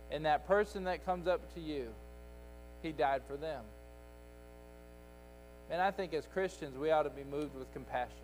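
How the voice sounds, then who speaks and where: A man's voice: fairly high pitch, rough recording. A man teaching Sunday school in a church, preaching with an emphatic, repetitive cadence. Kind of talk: sermon. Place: church sanctuary.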